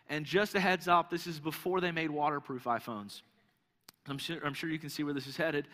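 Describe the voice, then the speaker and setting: A young man preaching a sermon, telling a story with lively energy and often repeating words as he starts a thought. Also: sits high. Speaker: pastor. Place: church hall. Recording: long reverb of a large hall.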